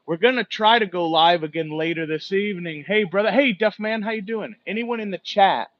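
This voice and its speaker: Dude from alaska whittling on a livestream, swears a ton, rambles, dull lo-fi phone sound. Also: male voice, sits high, a little fast. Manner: profane, rambling storytelling. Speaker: livestream host. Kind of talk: casual livestream chat while whittling. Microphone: phone set far from him.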